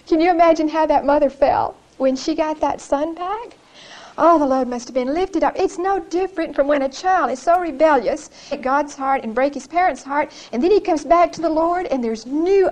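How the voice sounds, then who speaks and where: A woman's voice: high voice, darkish tone, low-quality recording. A woman giving an informal Bible study in a church, earnest and conversational, often repeating her phrases.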